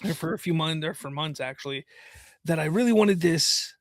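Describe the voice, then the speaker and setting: A man's voice: fairly high pitch, normal speed, no echo. A man in his thirties co-hosting a podcast, easygoing and agreeable, laughing often in casual chat. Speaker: podcast co-host.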